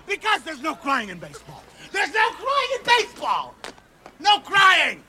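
An actor playing a gruff middle-aged team manager who berates and shouts sarcastically. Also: male voice, very high voice, wildly swooping pitch, measured pace, full character voice. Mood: berating. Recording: noisy film soundtrack.

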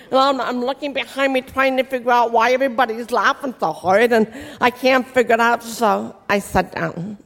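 A woman's voice: a little high, vocal fry, a bit bright. Deaf woman speaking in a reverberant hall. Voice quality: deaf speaker's distinctive speech, described as talking funny and sounding accented. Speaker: inspirational speaker. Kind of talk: motivational faith talk to an audience. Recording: long reverb of a large hall.

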